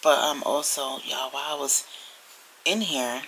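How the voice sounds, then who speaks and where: A woman vlogging from home, telling a story in a chatty, animated way that sometimes drops to a whisper. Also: a bass voice, a little slow, a little hiss or hum, low-quality recording. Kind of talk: casual storytelling chat. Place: at home indoors.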